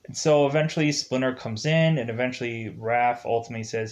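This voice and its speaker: A man's voice: mid-range voice, a little fast, few pauses. A man giving a casual spoken movie review, retelling the plot in a rambling way with many fillers and restarts. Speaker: film reviewer.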